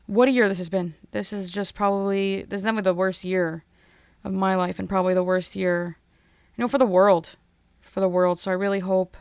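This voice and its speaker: A woman's voice: medium pitch, smooth, no room sound, clean studio sound. A woman hosting a casual solo podcast from a home podcasting corner, rambling and heartfelt, with many restarts. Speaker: podcast host.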